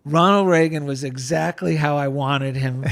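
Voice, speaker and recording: A middle-aged man with an East Coast American accent tells a personal story in an animated, heartfelt way. His voice sits a little high for a man. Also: moderate pace, creaky. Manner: animated, gets choked up with emotion. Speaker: guest, author and veteran. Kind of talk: storytelling in conversation.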